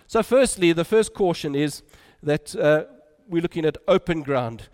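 A man preaching a sermon, moving between loud urging and quiet, soft drops. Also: fairly high pitch, lively intonation, unhurried.

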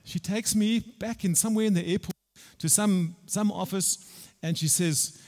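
A man preaching a sermon with a slightly high voice, telling a story in a lively way. He repeats his phrases and pushes into loud emphasis. His voice rings with a long reverb through a large church hall. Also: moderate pace.

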